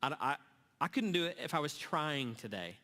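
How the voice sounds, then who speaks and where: A middle-aged man telling a personal story to parents at a church gathering, earnest and halting, often restarting his sentences. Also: a little high, big pitch swings, sharp tone. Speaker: speaker at a church summer series. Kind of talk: storytelling sermon talk. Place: church hall. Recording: long reverb of a large hall.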